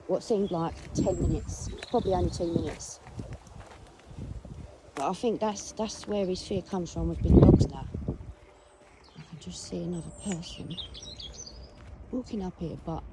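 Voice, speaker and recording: A speaker with an English accent chatting casually while walking a dog outdoors, rambling through a story and talking to the dog in between. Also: medium pitch. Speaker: dog owner vlogger. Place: outdoors on a rural walk. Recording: noisy outdoor recording with wind and traffic.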